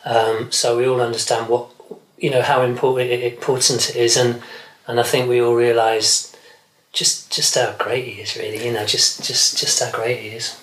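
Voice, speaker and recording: A man's voice: mid-range voice, little pitch movement, normal speed, a bit bright, roomy sound, low-quality recording. A man, a session guitarist, chatting in an interview and rambling with many restarts. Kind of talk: casual interview chat.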